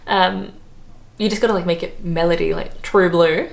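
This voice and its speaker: A woman's voice: lowish voice, steady tone, normal speed, gravelly. A young Australian woman vlogging to camera in a casual, self-mocking chat, her accent drifting toward British. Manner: chatty, self-mocking, laughs often, many fillers.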